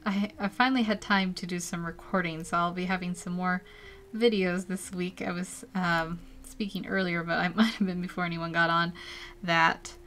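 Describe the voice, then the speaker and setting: A woman's voice: lowish voice, fairly bright tone, slight background noise. A woman chatting casually to a live-stream audience as she sketches a character. She rambles, laughs often and uses many fillers. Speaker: artist streaming a live drawing session. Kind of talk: casual live-stream chat while drawing.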